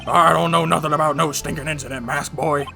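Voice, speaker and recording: A man's voice: a little high, fairly even intonation, brisk, creaky, music in the background. A man voicing a hot-tempered male loan shark with a put-on Brooklyn accent, talking in menacing tough-guy slang. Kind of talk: fan voice-over of a game.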